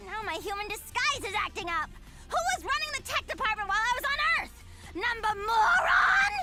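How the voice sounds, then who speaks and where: A woman voicing a frantic girl agent in a human disguise, shrill and indignant, in a clip played from a cartoon. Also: big pitch swings, a little fast. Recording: cartoon clip with loud music.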